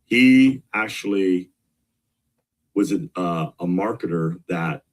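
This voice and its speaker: A middle-aged man talking as a guest in an interview, energetic and emphatic, repeating his key points. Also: sits low, takes it slowly. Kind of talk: casual interview talk.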